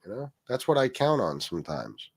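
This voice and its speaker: A man's voice: mid-range voice, big pitch swings, normal speed, vocal fry, slightly rough, dry recording. Casual profane man hosting livestream. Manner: rambling, swearing, reads chat aloud. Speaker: livestream host.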